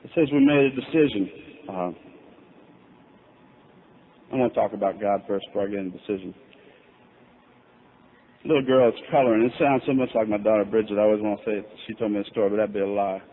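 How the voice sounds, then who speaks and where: A man's voice: fairly low pitch, fast, pauses often. Candid middle-aged man, tinny tape. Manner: candid, self-mocking humor. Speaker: recovery speaker. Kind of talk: personal story at a recovery convention. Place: convention hall. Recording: tinny lo-fi tape with faint hiss.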